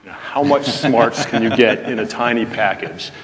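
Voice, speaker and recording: A man speaking as a panelist, explaining in a steady, enthusiastic way. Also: medium pitch, moderate pace, slight background noise. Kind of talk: panel discussion answer. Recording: reverberant hall.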